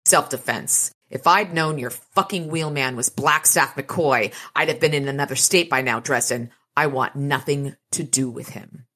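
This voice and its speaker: A woman's voice: rumbling low, moderate pace, hardly any pauses. A woman reading a cool mercenary gunman. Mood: cold. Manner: calm, dry and unbothered. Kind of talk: reading a novel aloud.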